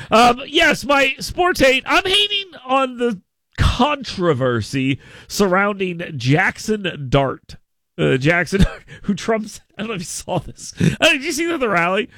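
Gravelly, high, lively radio host man. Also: no echo, studio quality. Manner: animated, rambling with frequent restarts and stammers. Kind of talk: casual talk radio banter.

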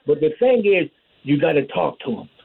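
A man's voice: on the high side, very animated, normal speed, vocal fry, breathy edge. A man preaching a fervent sermon, calling out amen and hallelujah as he goes. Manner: call-and-response preaching, repeats amen and hallelujah. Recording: tinny phone-line radio broadcast.

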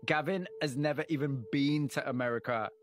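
A man presenting a radio program, narrating a story in a measured way and interviewing a guest. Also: medium pitch. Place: radio studio. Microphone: studio mic.

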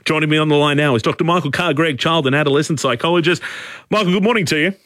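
A man's voice: on the high side, rapid-fire, dry recording, clean studio sound. A man with an Australian accent hosting a talkback radio program, emphatic and opinionated, pressing his points hard. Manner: forceful, emphatic, repeats points. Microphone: studio microphone.

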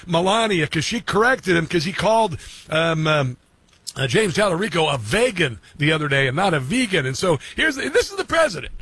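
Husky bright-voiced talk radio host. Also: male voice, high-pitched, no room sound. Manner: rambling, halting with fillers. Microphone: studio mic.

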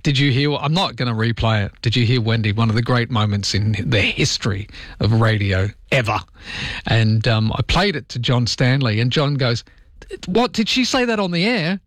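Welsh-accented talk radio host with a lisp. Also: male voice, medium pitch, moderate pace, no echo, studio quality. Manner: chatty and opinionated, with frequent ums. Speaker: overnight talkback radio host. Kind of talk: talkback radio chat, reading listener texts. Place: radio studio.

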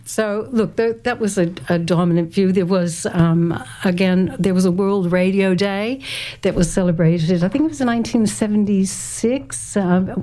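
Mellow and mid-range, this woman's voice moves at a normal speed as she looks back on her days volunteering at community radio. A guest in her sixties, she hesitates thoughtfully, reads out quotes, and laughs easily throughout the interview.

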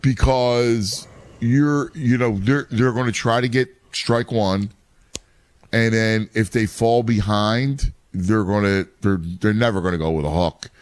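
A man's voice: lowish voice, a little slow. A man, a youth baseball coach and father, talking casually and explaining game strategy with many restarts. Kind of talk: casual chat.

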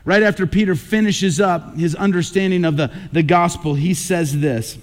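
A man's voice: sits high, moderate pace, few pauses. A middle-aged man, a pastor, preaching a sermon on a radio broadcast with earnest personal stories and emphatic repetition.

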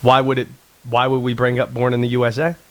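A man's voice: medium pitch, monotone, fast talker. A man in his thirties hosting casual sports talk radio, sarcastic and rambling.

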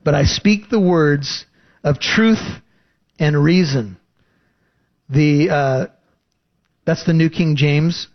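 A man preaching a sermon, reading scripture and explaining it with lively emphasis. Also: takes it slowly, pauses often. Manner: animated, rising pitch for emphasis. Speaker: pastor. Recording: dull lo-fi recording.

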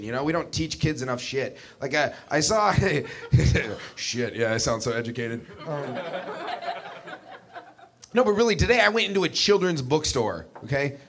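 Halting, self-deprecating young male comic. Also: fairly high pitch, a bit bright. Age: 20s. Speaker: stand-up comedian. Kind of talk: stand-up comedy set.

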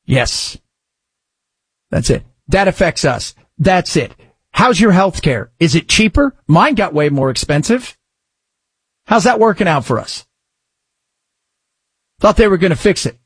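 A man's voice: high-pitched, very animated, a little slow, pauses often, slightly rough, no room sound. A man hosting a talk radio show, ranting with sarcasm and exasperation, then reading ads in the same voice. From United States. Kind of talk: opinionated talk radio monologue and host-read ads.

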